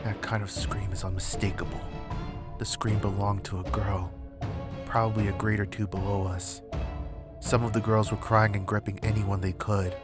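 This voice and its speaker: Deep-voiced man narrating a horror story. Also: normal speed. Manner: steady, suspenseful storytelling. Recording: loud background music.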